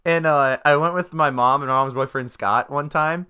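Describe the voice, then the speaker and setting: A man's voice: fairly high pitch, moderate pace, bright, forceful tone, clean tone. Casting: young male podcast co-host, swears constantly, rambles through anecdotes. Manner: profane, rambling storytelling. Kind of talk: casual chat.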